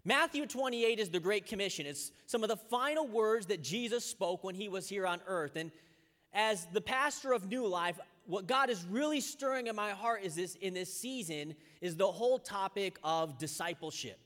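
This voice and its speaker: A young man preaching a sermon as a pastor, telling stories with energy and slowing down to pray. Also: sits high. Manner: lively storytelling, slows down and softens in prayer. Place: church. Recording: long reverb of a large church hall.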